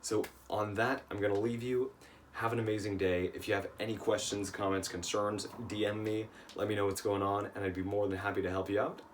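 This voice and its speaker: A man's voice: on the low side, little pitch movement, brisk, distant mic, slight background noise. A tired man with a worn voice, teaching email marketing in a casual lesson, often checking in with "right?". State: tired, voice shot.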